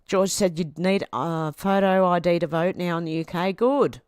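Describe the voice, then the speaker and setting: A woman's voice: lowish voice, moderate pace, darkish tone, clear, resonant tone, dry recording, clean studio sound. An Australian woman hosting a casual livestream, reading out viewer comments in a chatty, affectionate way and laughing often. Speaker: livestream host.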